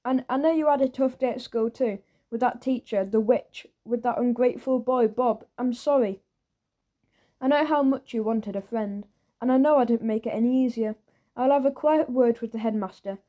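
Woman doing a rich dad, blustery and fond, quick temper, mellow tone. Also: on the high side, natural voice. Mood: gentle. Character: rich, doting middle-aged father.

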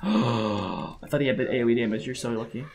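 Excitable man commentating his gameplay. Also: mid-range voice, brisk, gravelly, very noisy. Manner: excitable, swears, shouts at the game. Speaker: gaming commentator.

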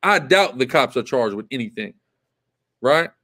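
A man's voice: medium pitch, animated, normal speed, sharp tone. A man hosting live commentary, talking emphatically and repeating himself, often asking "right?". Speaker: show host.

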